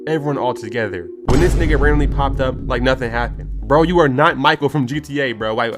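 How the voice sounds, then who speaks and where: A man's voice: mid-range voice, fast. A young man giving a slangy, joking commentary that recaps an anime. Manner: slangy, joking, puts on character voices. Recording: music playing underneath.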